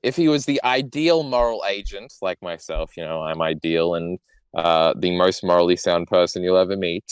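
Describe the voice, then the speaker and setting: A man's voice: low voice, moderate pace, clean tone, no room sound, studio quality. A man in casual chat who rants sarcastically with a lot of swearing. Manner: crude, sarcastic, rants with heavy profanity. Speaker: podcast co-host.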